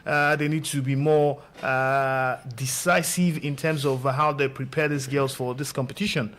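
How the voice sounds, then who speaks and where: A man's voice: medium pitch, fairly even intonation, normal speed, a bit bright. A man from Nigeria giving football commentary on a live watch-along, hesitant, with many filler sounds. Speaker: football pundit.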